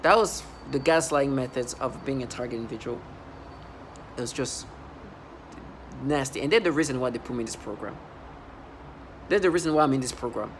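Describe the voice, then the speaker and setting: A man's voice: mid-range voice, fairly quick, pauses often, a little hiss or hum. A man with an accent, telling a long personal story in a rambling, emphatic monologue full of restarts. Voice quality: speaks with an accent. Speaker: vlogger describing his workplace experiences.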